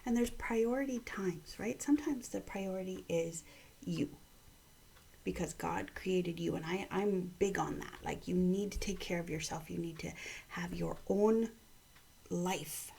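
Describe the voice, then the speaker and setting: A mother from Canada speaks in a hushed half-whisper, her voice pitched fairly low and textured with gravelly fry. She talks quietly and earnestly into the camera, with only a faint hum in the room behind her. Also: measured pace. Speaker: mother giving a morning devotional. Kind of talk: hushed personal vlog devotional.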